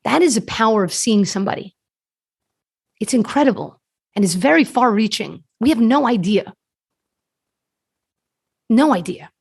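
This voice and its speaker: A woman's voice: a little high, lively intonation, moderate pace, creaky, pauses often, husky. A woman guest on a podcast, telling a story earnestly and repeating words as she gets going. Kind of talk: storytelling in conversation. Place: podcast studio.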